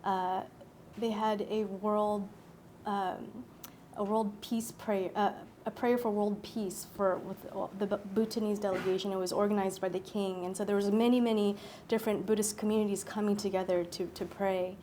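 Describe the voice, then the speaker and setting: A woman speaking at a public talk, telling a personal story in an animated way, acting out her own thoughts and laughing often. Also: mid-range voice, normal speed, a little hiss or hum.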